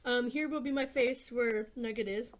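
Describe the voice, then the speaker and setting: A woman's voice: on the high side, steady tone, normal speed. A woman vlogger chatting casually on camera while eating snacks, rambling and offhand, with fillers and some swearing. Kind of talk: casual eating vlog chat.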